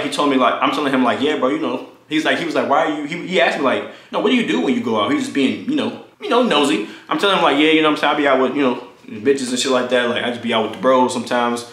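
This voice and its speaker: A young man casually telling a profane, animated story about his college roommate, acting out what people said. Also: echoey room. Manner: animated, profane, acts out quotes in high voices. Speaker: storytime vlogger.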